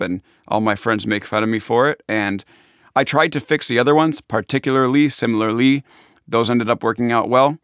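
A man's voice: medium pitch, a bit bright, no room sound, studio quality. A man with a Long Island accent, an author chatting casually and self-deprecatingly about his book in interview answers.

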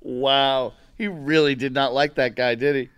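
A man hosting a podcast, reacting to a story with quick exclamations and questions. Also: mid-range voice, steady tone, a bit bright, clean tone, no echo. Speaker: podcast host. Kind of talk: casual chat.

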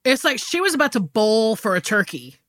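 A woman's voice: a little high, very animated, fairly quick, fairly bright tone, dry recording, studio quality. A woman co-hosting a podcast, chatting casually and reacting with short exclamations. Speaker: podcast co-host. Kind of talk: casual chat.

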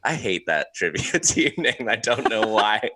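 A man's voice: fairly low pitch, normal speed. A man co-hosting a casual podcast chat, laughing often as he talks. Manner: laughs often, lively and animated. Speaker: podcast co-host.

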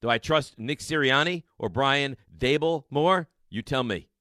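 A man hosting a sports radio show, talking in an emphatic, excitable monologue full of rhetorical questions and repeated lines. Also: medium pitch, a little slow, no echo, clean studio sound.

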